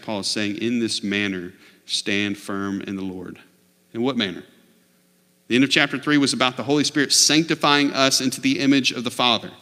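A man preaching a sermon in a church, earnest, dropping low and quiet, then rising to loud mock shouts. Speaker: pastor. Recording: long reverb of a large hall.

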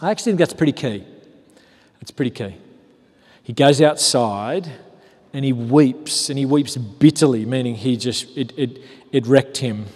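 A man preaching a sermon, telling the story conversationally with rhetorical questions, sometimes animated and sometimes hushed. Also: mid-range voice, moderate pace, pauses often, husky. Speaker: pastor. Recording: long hall reverb.

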